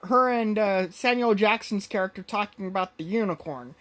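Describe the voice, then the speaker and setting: Woman podcast co-host, casual movie recap, rambling, filler-heavy, mid pitch. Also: normal speed, a loud crowd. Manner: rambling, full of fillers and restarts.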